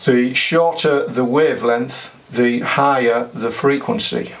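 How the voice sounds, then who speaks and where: Slow older man, distant mic. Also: mid-range voice. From United Kingdom. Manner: chatty, thinks aloud while working. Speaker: amateur radio hobbyist. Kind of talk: hands-on workshop demonstration. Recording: distant mic with clear background noise.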